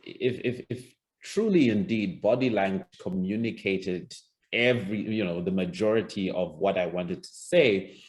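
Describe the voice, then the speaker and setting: A man's voice: deep voice, a little slow. A man teaching presentation skills over a video call, talking conversationally with frequent restarts and acting out example lines. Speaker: public speaking coach. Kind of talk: online presentation skills lesson.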